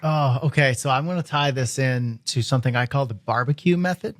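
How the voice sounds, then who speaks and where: A male podcast co-host with a mid-range voice, talking in a relaxed, unhurried way with little hesitations. His voice sounds dry and close, with no room echo at all. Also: mid-range voice. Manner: relaxed and easygoing, with filler "uh"s. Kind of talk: casual podcast chat.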